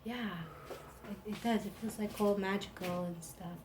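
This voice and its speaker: A woman's voice: medium pitch, fairly even intonation, moderate pace, noisy background. A woman in her thirties hosting a live stream, casual and rambling, with lots of "like". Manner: chatty, rambling, frequent "like". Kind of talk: casual chat.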